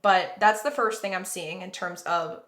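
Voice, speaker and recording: A woman talks through a tarot spread in a loose, rambling way, full of "like" and "um". Her voice is bright and forward, and the sound bounces around an echoey room. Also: fairly low pitch, moderate pace. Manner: rambling, conversational, reassuring, many fillers. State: yawning, tired. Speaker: tarot reader. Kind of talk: casual tarot reading to viewers.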